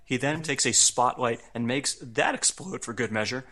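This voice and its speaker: A man hosting a podcast, recapping events casually in an amused, relaxed way. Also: medium pitch, normal speed. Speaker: podcast host. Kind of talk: casual wrestling recap chat.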